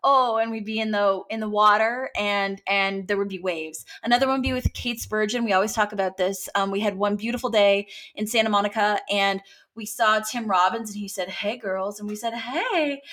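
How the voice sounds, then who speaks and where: A woman's voice: mid-range voice, steady tone, fairly quick, few pauses, fairly bright tone. Chatty rambling woman actor. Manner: rambling, chatty, self-deprecating. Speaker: guest, actor. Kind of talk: casual interview chat.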